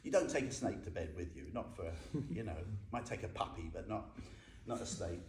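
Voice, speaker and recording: Low-pitched and expressive with a darkish tone, this Buddhist teacher speaks at a normal pace in a humorous, informal dharma talk to a group. He chats and quizzes his listeners, recorded in an echoey room with slight background noise.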